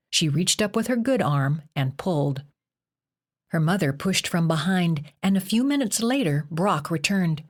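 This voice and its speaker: A woman reading a horror novel aloud as an audiobook narrator, measured and expressive. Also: deep voice. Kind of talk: scripted narration.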